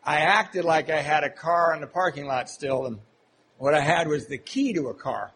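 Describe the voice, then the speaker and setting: A man from the US Pacific Northwest telling his recovery story to a meeting, candid and self-deprecating, often halting with fillers. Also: fairly high pitch, fairly bright tone, a little hiss or hum, rough recording. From Seattle, Washington, USA. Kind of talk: personal recovery story told to a live audience.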